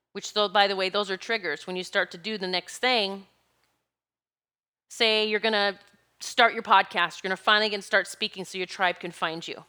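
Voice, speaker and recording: A woman with a bright, forward voice talks through spiritual ideas in a loose, casual way. She rambles and hunts for the right words as she goes, with laughs between her thoughts. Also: mid-range voice, clear, resonant tone. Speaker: spiritual speaker.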